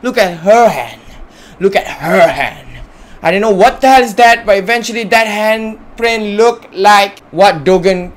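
A man hosting a gaming channel, giving excitable let's play commentary, yelling at enemies and laughing. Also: high voice, measured pace.

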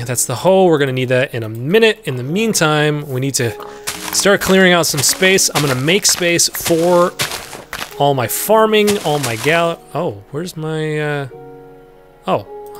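A man hosting a let's play in casual gameplay commentary, rambling along and chatting to the creatures in the game, with easy laughs and sudden yelps. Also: on the high side. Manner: laughs easily, bursts into loud yelps.

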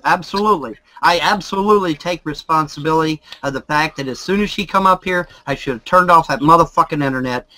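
A middle-aged man ranting angrily on a live call-in stream, profane and shouting, hammering the same taunts again and again. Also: fairly high pitch, low-quality recording.

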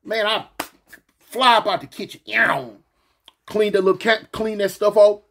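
A man telling a story from his past casually, slangy and animated, acting out the other voices. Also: high voice, measured pace, gravelly, slight background noise.

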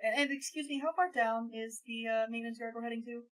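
A woman's voice: fairly high pitch, fairly even intonation, fast. A woman taking part as a player in a casual tabletop game, talking in a playful, giggly way.

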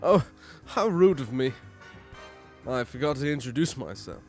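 A man voicing a smooth, flirtatious male stranger in a bar for a dating game playthrough. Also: mid-range voice, lively intonation, a little slow, darkish tone, soft background music, close to an everyday voice. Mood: suave.

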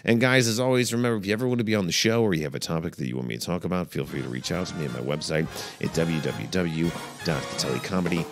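A man's voice: quick pace, over music. A man hosting a comedy podcast, delivering a playful, mock-dramatic monologue. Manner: playful, mock-dramatic, swings between low mutters and high exclaims.

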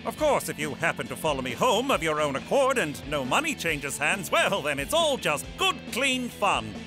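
A man's voice: high voice, very animated, moderate pace, over music. A man voicing a smug, sleazy federal agent in an adult cartoon who bends the rules with sly self-righteousness.

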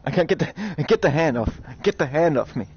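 A man hosting a gaming video, talking to his viewers in excited, animated commentary, quick to swear and exclaim. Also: on the high side, husky. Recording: slightly dull recording with game music.

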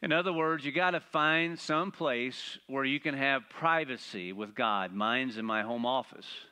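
A man preaching a sermon, animated and playful, asking the congregation rhetorical questions. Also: mid-range voice, unhurried, smooth. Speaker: pastor.

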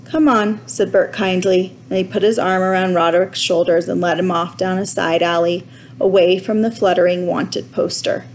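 A woman narrating a children's storybook in a clear, measured reading voice. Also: on the low side, little pitch movement, darkish tone, a little hiss or hum, poor audio. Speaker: audiobook reader.

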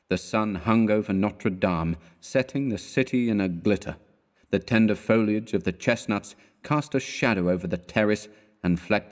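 Man, audiobook narrator, somewhat low voice, measured, scripted classic tale.

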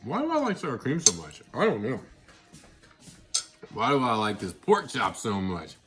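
Chatty man with a lively pitch. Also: moderate pace, over music. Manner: chatty, eating while talking, excitable. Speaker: vlogger. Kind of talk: casual eating vlog.

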